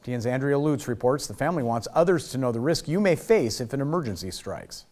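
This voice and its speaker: A man reading scripted news headlines as a morning news anchor, steady and formal. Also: mid-range voice, quick pace.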